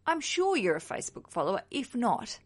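A woman's voice: on the high side, big pitch swings, a little fast. A woman hosting her own solo podcast, chatting in a bubbly, self-mocking way with frequent rambling restarts. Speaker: podcast host.

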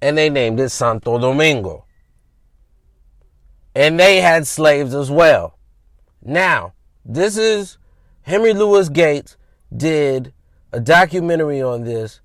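Slow, slangy male history storyteller. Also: medium pitch, no room sound. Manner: casual, slangy, conversational. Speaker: podcast host.

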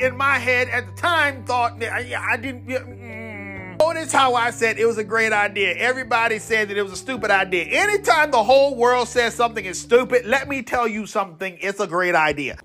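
A man holds forth on his own podcast in a loose, animated rant. His voice is bright and pushing, and he breaks off mid-thought to add preachy asides. Faint music sits behind him. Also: extremely high pitch. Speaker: podcast host.

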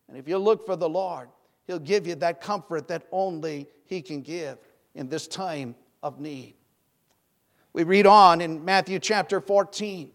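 A man preaching a sermon, fervent and rising to emphatic peaks when he quotes scripture. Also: high-pitched.

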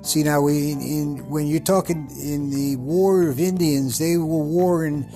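A man voicing a boastful, rambling Old West frontier showman who talks about himself in the third person, with a husky voice. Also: a little high, steady tone, measured pace, warm tone, soft background music, voice pushed up.

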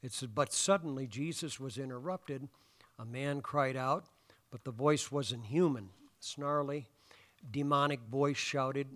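A man's voice: mid-range voice, unhurried, fairly bright tone. Man preaching to his congregation. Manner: conversational, asks the congregation questions, many fillers. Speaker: pastor. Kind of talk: sermon. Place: church sanctuary.

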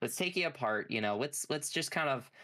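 A man's voice: medium pitch, lively intonation, brisk, pushed and bright. A man voicing a flustered female mad scientist who stammers through fillers and apologies. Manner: stammering, nervous, full of fillers.

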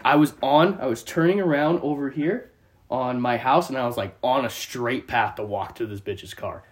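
A man telling a long story in casual chat, animated and profane, often laughing as he goes. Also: medium pitch. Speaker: storyteller on a podcast.

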